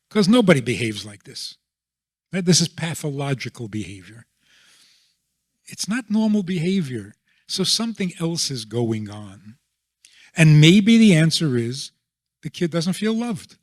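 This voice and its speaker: A man being interviewed as a rabbi, explaining his views in a deliberate way and often checking in with a rhetorical question. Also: a little high, sing-song, no room sound, clean studio sound.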